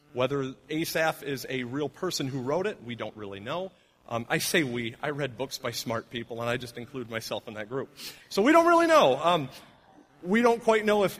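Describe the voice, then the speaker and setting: A middle-aged male pastor preaching a sermon in a conversational way, with fillers, who drops soft and low on the heavy lines.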